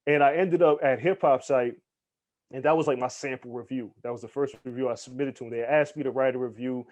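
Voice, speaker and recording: A man guesting on a podcast interview, telling stories in an animated, casual way, acting out the people he quotes and swearing freely. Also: mid-range voice, fairly quick. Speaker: guest, hip hop journalist.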